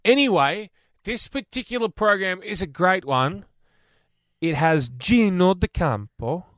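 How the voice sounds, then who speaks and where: A man's voice: high voice, animated, measured pace, fairly bright tone, no room sound, clean studio sound. A man with an Australian accent co-hosting a radio show, telling stories and teasing his co-host in casual banter. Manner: storytelling, teasing, stumbles over names.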